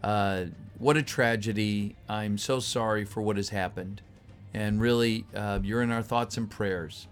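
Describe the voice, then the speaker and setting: This voice actor's livestream has faint background music, and his lowish voice stays fairly even and a little slow. Reading a script, he also chats easily with the audience, greeting people and reading their messages aloud as his voice tires.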